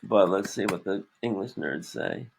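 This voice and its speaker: Low gravelly guy rambling casually about his comic work, a little hiss behind. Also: moderate pace, poor audio. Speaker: comic artist and podcast co-host. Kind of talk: casual chat while lettering a comic page.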